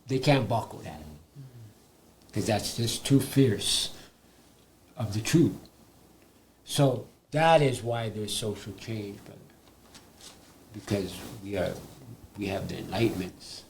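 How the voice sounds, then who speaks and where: Older man, gravelly, animated storyteller guest on a live panel, faint noise behind. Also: mid-range voice, a little slow, pauses often. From Hawaii. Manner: animated storyteller who laughs between points. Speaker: guest, indigenous elder and artist.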